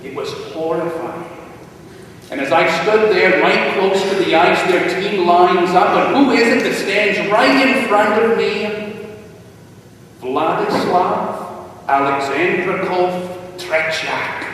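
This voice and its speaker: High-voiced pastor in an echoey church. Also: male voice, measured pace. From Wales. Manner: animated storytelling with big swings in pitch. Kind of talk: storytelling sermon. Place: large church sanctuary. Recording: echoey hall, distant mic.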